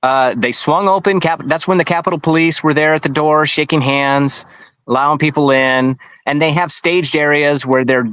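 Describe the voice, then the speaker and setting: Higher-voiced man telling his story. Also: fairly even intonation, moderate pace, a bit bright, smooth, no room sound, poor audio. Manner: rambling, with many restarts and asides. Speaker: interview guest. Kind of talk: conversational interview, recounting events.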